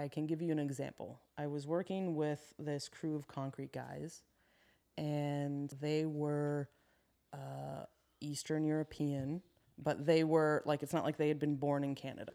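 A woman guest on a podcast, a construction business owner telling a work story in a frank, steady way with quick asides. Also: deep voice. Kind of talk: candid conversational storytelling. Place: podcast studio.

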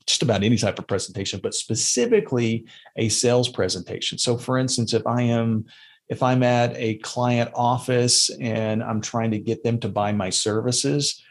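A man's voice: medium pitch, normal speed. A man hosting a podcast, giving casual how-to advice with frequent fillers and restarts. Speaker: podcast host. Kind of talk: casual instructional podcast talk.

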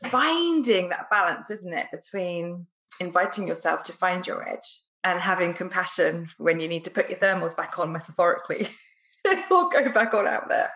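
A chatty woman host talking on a podcast, her voice sitting a little low for a woman. She laughs easily and fills her speech with casual asides. The sound carries a roomy echo around her. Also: expressive, normal speed, bright, forceful tone. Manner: chatty, laughs often, many "like" fillers. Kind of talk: casual conversation.

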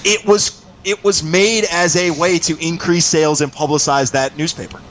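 A man's voice: a little high, fairly even intonation, moderate pace, fairly bright tone, slight background noise, rough recording. A man co-hosting a sports talk show over the line, chatting in an easygoing way with hesitant fillers. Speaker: co-host on the phone line. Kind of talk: casual sports radio chat.

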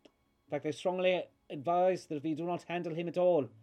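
A man's voice: on the high side, steady tone, warm tone, faint music behind, voice pushed up, close to an everyday voice. A man doing a pompous, flustered Victorian doctor. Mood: grave. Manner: pompous, flustered, rapid stammering. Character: fussy middle-aged male Victorian pathologist.

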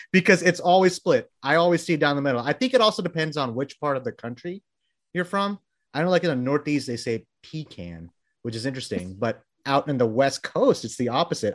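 A man's voice: fairly high pitch, lively intonation, fairly quick, fairly bright tone. A man hosting a casual interview, talking in a rambling, enthusiastic way with many restarts. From Texas. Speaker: interviewer and publication founder.

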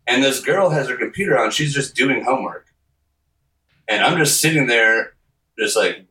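A man's voice: medium pitch, a little fast, pushed and bright, a little hiss or hum. A man as a podcast guest telling a long story in casual chat, full of fillers, and acting out what people said. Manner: rambling, filler-heavy, acts out quotes. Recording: roomy, distant mic.

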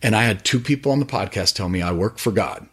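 A middle-aged man talking about faith on a podcast with eager, animated, preachy storytelling. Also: on the low side, fast, husky. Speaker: podcast guest, faith-based business owner. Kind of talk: casual podcast conversation.

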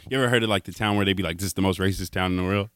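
A man co-hosting a casual podcast chat, retelling prank videos in an animated way and laughing along. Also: deep voice, rapid-fire, no echo. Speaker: podcast co-host.

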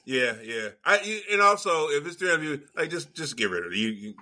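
A man's voice: a little high, very animated, fairly quick, sharp tone. A man on a podcast joking around in a profane, casual way. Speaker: podcast co-host. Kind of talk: casual chat.

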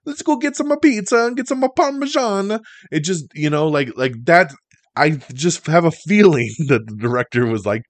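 A lower-pitched man hosts a casual news rundown, talking in a loose, opinionated way with plenty of ums and uhs. The recording is dry and close. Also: dry recording. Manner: chatty, opinionated, fillers. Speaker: host of an entertainment news show.

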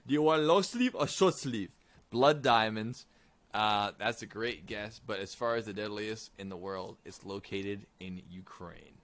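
A man's voice: on the low side, a bit bright. A man hosting a trivia quiz on a podcast in casual, teasing banter, drawing out the answers as he reads them. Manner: jokey, teasing, drawn-out reading of answers.

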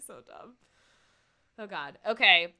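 A woman's voice: medium pitch, lively intonation, slow, bright, forceful tone. A woman chatting casually as a podcast co-host, recapping a TV episode, laughing often and acting out the characters' lines.

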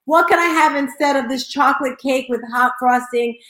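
A high-voiced woman hosts a casual panel chat, upbeat and exclamatory, calling out her points with bursts of loud emphasis. Her voice rings in a roomy, echoing space. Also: normal speed, a little hiss or hum. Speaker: host. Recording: roomy echo.

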